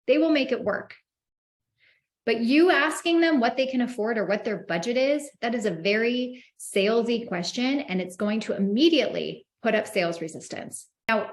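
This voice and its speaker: A woman teaching telephone sales, confident and emphatic, acting out call lines in a brighter voice. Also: mid-range voice. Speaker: insurance sales trainer. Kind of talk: instructional talk to the camera.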